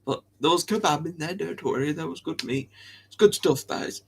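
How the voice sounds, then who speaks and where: A man's voice: a little high, expressive, measured pace, a little mellow, slightly rough. A young man, chatting casually on a live stream, rambling, restarting sentences and giggling often.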